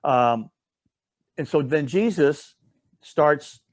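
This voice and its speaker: A man with a fairly high voice leads a casual Bible study, telling the story in a rambling, digressive way. He keeps adding asides and correcting himself, and checks in with his listeners often. The sound is dry and close. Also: very slow, no room sound. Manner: often asks "all right?" to check in with listeners.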